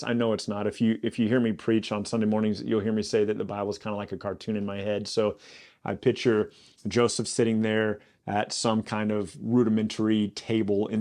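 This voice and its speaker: A man who is a pastor, teaching through a Bible passage in a casual way. He is animated, repeats himself when worked up and rises into excited disbelief. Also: lowish voice.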